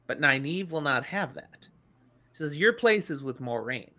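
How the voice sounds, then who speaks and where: Lively bright-voiced woman podcast host. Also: sits low, normal speed. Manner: animated retelling, playful voices in quotes. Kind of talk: casual book discussion podcast.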